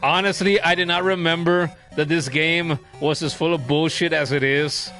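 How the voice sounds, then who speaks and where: A man's voice: on the high side, fairly even intonation, normal speed, sharp tone, soft background music. A man in his thirties streaming a game, chatting in a rambling, profane way and telling funny stories. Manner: rambling, profane, laughing storyteller. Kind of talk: casual chat while streaming.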